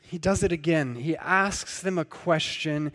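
Guy preaching, chatty sermon style, high voice, big echoey church sound. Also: unhurried, fairly bright tone. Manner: conversational, acts out quoted voices. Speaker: pastor. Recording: long hall reverb.

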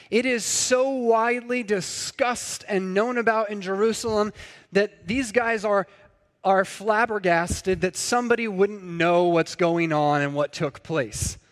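A man preaching a conversational sermon, sometimes acting out the people in his story. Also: sits high. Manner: conversational, acts out quoted voices. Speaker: pastor. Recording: long hall reverb.

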